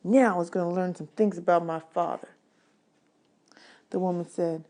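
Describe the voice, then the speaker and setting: A woman teacher reads a chapter book aloud in a steady storytelling manner. Her voice is lowish and mellow, with a warm, relaxed tone. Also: moderate pace, pauses often. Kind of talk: audiobook read-aloud.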